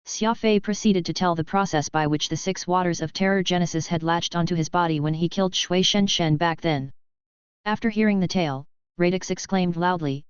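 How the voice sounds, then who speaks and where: A woman reading a novel aloud as an audiobook narrator, in a steady read-aloud delivery. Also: on the low side, brisk, smooth, dry recording, dull audio. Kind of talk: scripted narration.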